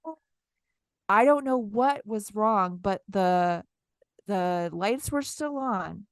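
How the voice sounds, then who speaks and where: Smooth-voiced woman telling a lively story. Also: mid-range voice, slow pace, dry recording, studio quality. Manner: animated, acts out her own lines in quotes. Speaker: podcast co-host. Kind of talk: casual storytelling chat.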